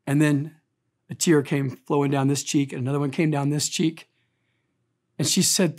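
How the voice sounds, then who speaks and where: A man in his fifties preaching a sermon as pastor, impassioned and emotional, swinging between loud emphatic lines and quiet confiding ones. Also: on the high side, little pitch movement, moderate pace, pauses often. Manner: emotional, speaks of being easily choked up.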